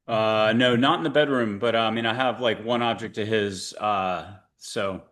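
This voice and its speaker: A man's voice: on the low side, steady tone, moderate pace, a bit bright. A man in his fifties hosting a spiritual interview podcast, talking casually and rambling with many fillers and restarts. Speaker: podcast host.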